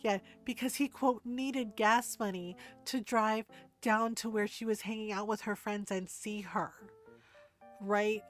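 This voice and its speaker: A woman's voice: medium pitch, fairly even intonation, a little slow, faint music behind. Candid, swearing middle-aged woman streamer. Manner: candid storytelling, swears freely, laughs often. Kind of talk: casual chat while gaming.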